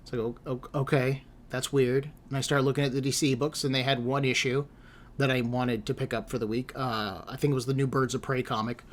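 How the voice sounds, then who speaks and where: A man with a middle-pitched voice tells a long, meandering story in a casual chat. He sounds exasperated and a little self-deprecating as he stacks up one mishap after another. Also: little pitch movement, fast talker, a little hiss or hum. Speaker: streamer telling a story.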